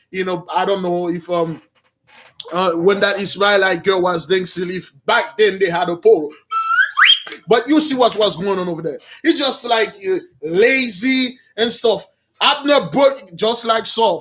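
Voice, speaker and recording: A man's voice: sits high, fairly bright tone. A man, a Bible teacher, retelling a Bible story in a rambling, slangy way with many restarts.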